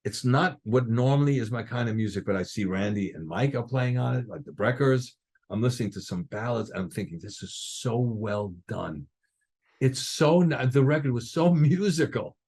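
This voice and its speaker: With a mid-range voice and a brisk delivery, an older man who drums sits as a guest in an easygoing interview. He recounts stories with energy, acting out the lines of the people in them.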